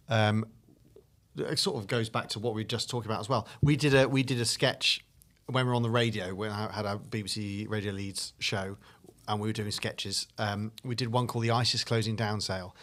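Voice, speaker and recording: A man's voice: lowish voice, fairly bright tone. A man, a comedy writer and guest, telling a rambling story in casual podcast chat with lots of fillers. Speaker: comedy duo member, guest.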